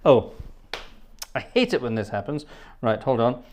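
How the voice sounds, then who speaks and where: A man's voice: medium pitch, a little slow, long pauses. A man hosting a casual livestream, chatty and rambling, laughing often and thanking viewers by name. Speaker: livestream host and organist. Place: home studio.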